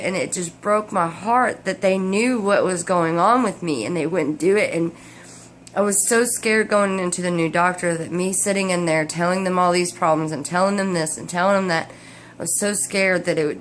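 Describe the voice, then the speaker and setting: A woman's voice: on the low side, normal speed, slight background noise. A tired woman, chatting casually in a vlog update, rambling with many restarts. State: tired, drowsy from medication. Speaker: vlogger. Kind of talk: casual personal update to camera.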